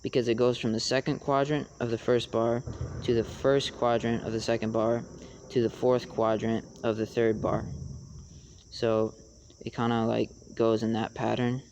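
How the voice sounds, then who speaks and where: A young man explaining rap rhyme schemes in a casual tutorial, halting with many fillers. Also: mid-range voice, flat delivery, darkish tone, a little hiss or hum. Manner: halting, many fillers, raps lines to demonstrate.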